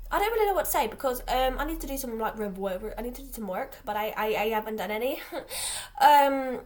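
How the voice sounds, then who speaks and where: Teen girl vlogger from England, highish voice, scattered casual rambling. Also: a little hiss or hum. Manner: chatty, scattered, lots of fillers and restarts. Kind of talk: rambling casual vlog chat.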